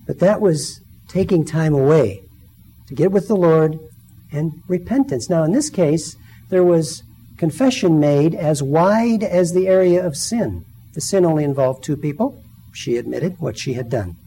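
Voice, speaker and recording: Middle-aged male lay preacher, mellow tone, slightly high, storytelling testimony. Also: lively intonation, normal speed, low-quality recording. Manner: storytelling, acts out quoted voices. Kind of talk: personal testimony sermon.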